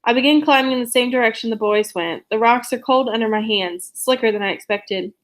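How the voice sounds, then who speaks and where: A woman reading a young adult novel aloud in steady, unhurried narration. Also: fairly high pitch. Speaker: reader of a novel.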